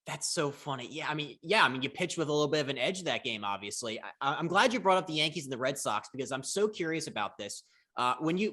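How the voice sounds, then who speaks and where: A man's voice: on the high side, sharp tone. A man hosting a podcast, asking eager and curious questions in a casual interview.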